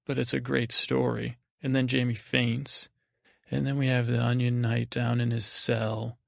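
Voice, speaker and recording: A man hosting a podcast, rambling through a slow, halting recap full of fillers and restarts, meant to lull listeners to sleep. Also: mid-range voice, flat delivery, vocal fry, dry recording, clean studio sound. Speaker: podcast host. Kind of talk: meandering sleep-inducing recap.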